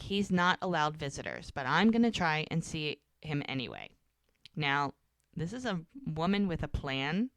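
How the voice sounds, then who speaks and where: Woman, low voice, podcast co-host, casual chat, acts out dialogue, dry close sound. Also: no echo. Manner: animated retelling, acting out lines of dialogue. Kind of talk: casual chat recapping a TV episode.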